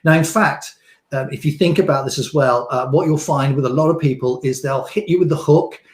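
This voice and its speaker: A man's voice: fairly high pitch, brisk. Casual rambling male coach, echoey room. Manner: casual, rambling explanations with many fillers and restarts. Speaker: online business coach. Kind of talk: live teaching session. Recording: roomy echo.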